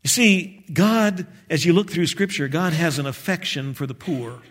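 A male pastor preaching a sermon in an animated way, acting out prayers and chuckling at his own jokes. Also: fairly high pitch, moderate pace.

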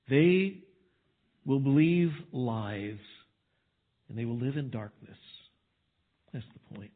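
A man's voice: high-pitched, husky. A male pastor preaching a sermon with emphasis and rhetorical questions. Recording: tinny phone-like sound.

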